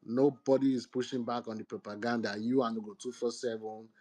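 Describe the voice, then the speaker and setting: A man's voice: medium pitch, fairly even intonation, fairly quick, dark tone. A man speaking in a casual online talk, earnest and rambling with hesitant fillers. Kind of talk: casual chat.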